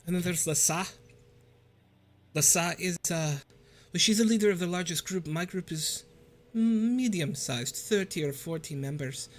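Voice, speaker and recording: A man's voice: sits high, moderate pace, close to an everyday voice. A man voicing a worried female lizardfolk tribal leader with a put-on Irish accent, hesitant and stammering.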